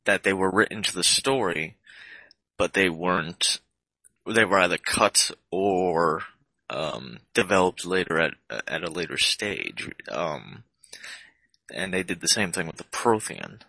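A man's voice: low-pitched, lively intonation, a little slow, gravelly, pushed and bright, dry recording, rough recording. A man in casual gaming chat, hesitant with fillers and prone to ranting.

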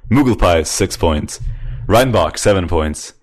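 A man's voice: low voice, expressive, a little slow, a little mellow. A man hosting a casual group chat, reading out scores and swearing loosely. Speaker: podcast host.

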